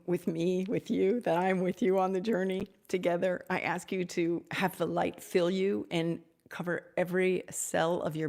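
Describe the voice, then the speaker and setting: A woman spiritual teacher leading a slow, devotional guided meditation and blessing on a live stream, speaking softly with a lot of repetition. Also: on the low side, creaky.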